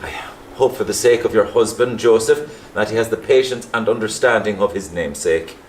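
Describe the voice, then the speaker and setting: Actor as a nosy Liverpool priest, measured and pompous, lowish voice, on a roomy stage. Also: male voice, recorded from a distance, a little hiss or hum, natural voice. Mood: probing. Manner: measured, probing, slightly pompous. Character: prying middle-aged Catholic parish priest. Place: theatre stage. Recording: roomy stage sound, faint ambience.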